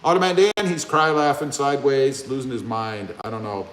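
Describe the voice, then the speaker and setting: A man's voice: mid-range voice, normal speed, a bit bright. A man from Ohio hosting a casual live stream, reading viewer comments aloud and joking back at them. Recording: echoey room.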